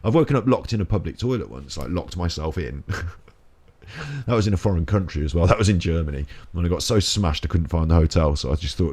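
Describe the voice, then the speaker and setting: A man's voice: deep voice, lively intonation, quick pace, darkish tone. A British man giving chatty, rambling let's play commentary, joking and laughing as he plays. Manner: jokey, chatty, laughs often. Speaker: gaming channel host.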